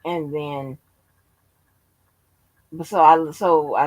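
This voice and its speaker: A woman's voice: low-pitched, big pitch swings, slow pace, no room sound, poor audio. A sleepy woman hosting her channel, chatting casually in a drawling, profane, yawning way. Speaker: channel host. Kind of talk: casual late-night chat.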